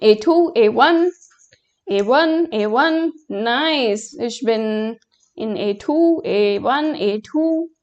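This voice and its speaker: A young woman whose first language is Hindi, teaching a live German lesson in English, answering the chat slowly and patiently with many fillers. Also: a little high, animated, a little mellow, highs cut off.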